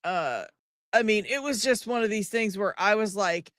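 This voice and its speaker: A woman hosting a casual video-call chat, talking in an animated, exclaiming way. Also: medium pitch, normal speed, no echo, clean studio sound. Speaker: host.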